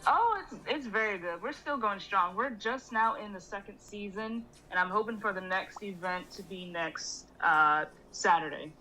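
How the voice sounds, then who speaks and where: Bright-voiced chatty woman co-host. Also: mid-range voice, normal speed, few pauses, soft background music, low-quality recording. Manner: chatty, rambling with fillers. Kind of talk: casual podcast chat.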